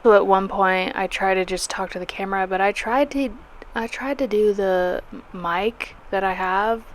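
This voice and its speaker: Young Southern woman vlogger, medium pitch, casual, rambling and self-deprecating, restarts her sentences. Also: normal speed. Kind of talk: casual chatty vlog narration.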